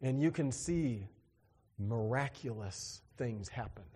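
A man preaching a sermon in an animated, joking way, acting out little dialogues with big swings in his voice. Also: mid-range voice, slow pace, husky, in a large hall. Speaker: pastor.

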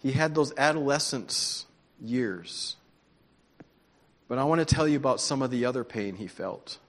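A man preaching a sermon, telling stories in an animated, conversational way. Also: medium pitch, moderate pace. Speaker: pastor. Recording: long hall reverb.

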